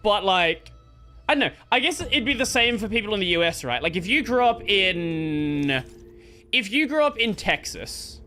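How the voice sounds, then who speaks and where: Animated man streaming a game. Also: sits high. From Australia. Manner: rambling, animated, swears casually. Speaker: gaming streamer. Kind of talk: casual gameplay commentary.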